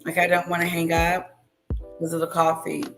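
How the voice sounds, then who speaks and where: A woman's voice: lowish voice, completely flat delivery, a little fast, a bit bright, soft background music. A woman chatting casually and loosely to her viewers. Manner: loose, easygoing talk to viewers. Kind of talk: casual chat.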